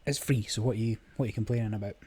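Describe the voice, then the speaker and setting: A man's voice: fairly low pitch, quick pace, warm tone, slightly rough. A man giving casual, rambling commentary on his screen recording, with many fillers. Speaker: gaming vlogger. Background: game music.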